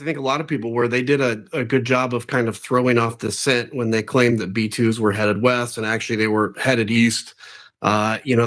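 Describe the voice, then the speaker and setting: A man in a played clip, calmly explaining his view on a foreign policy move. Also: medium pitch. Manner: measured and explanatory. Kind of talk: measured political commentary.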